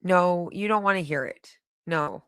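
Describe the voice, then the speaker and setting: A woman hosting a livestream in casual chat, talking in an excitable, chatty way and laughing often. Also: fairly low pitch, measured pace, clean tone, dry recording, studio quality. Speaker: livestream host.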